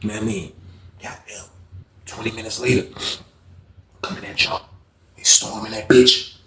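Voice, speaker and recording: Animated man telling a jail story. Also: fairly low pitch, moderate pace, creaky, roomy sound, noisy background. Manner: animated, swears freely, frequent "you know what I mean". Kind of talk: casual storytime narration.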